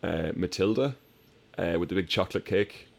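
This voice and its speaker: A man chatting casually on a podcast, retelling movie scenes with animated, laughing energy. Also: low voice, moderate pace, vocal fry. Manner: animated storyteller, acts out film scenes with laughter. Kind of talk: casual chat.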